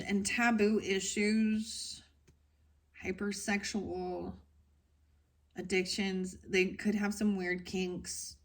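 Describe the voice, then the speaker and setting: A woman giving a casual tarot reading to her viewers, rambling and frank, going off on tangents. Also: medium pitch. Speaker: tarot reader.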